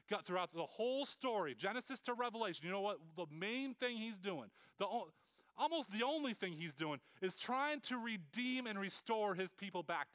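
In this close-miked, dry clip, a pastor preaches earnestly in a high, bright voice. He stumbles now and then, restarting quickly and repeating words, though his tone stays smooth and clear.

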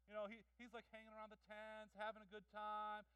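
A male pastor preaching in a church, telling stories in an animated way with jokes and acted-out voices. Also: high-pitched, fast talker, hardly any pauses, smooth, dry recording, recorded from a distance, rough recording. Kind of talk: sermon. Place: church hall.

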